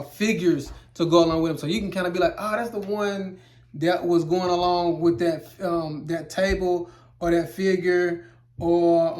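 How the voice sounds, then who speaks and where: A man teaching welding terms in a casual explainer video, loose and rambling, repeating himself, with playful exaggerated asides. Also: a little high. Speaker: welding instructor.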